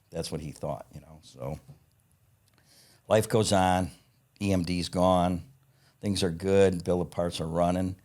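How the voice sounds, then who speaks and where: Man, 50s, very low voice, salty raconteur who chuckles as he tells stories. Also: vocal fry, darkish tone, breathy edge. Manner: profane, blunt, acts out quoted dialogue; chuckles between lines. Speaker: podcast guest, parts company founder. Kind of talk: casual anecdotal storytelling.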